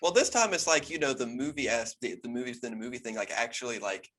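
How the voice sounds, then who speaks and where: Talking fast in a husky, fairly bright mid-range voice, this male podcast co-host chats casually about a movie. He's easygoing and agreeable, stammering and restarting as he goes in this relaxed review conversation.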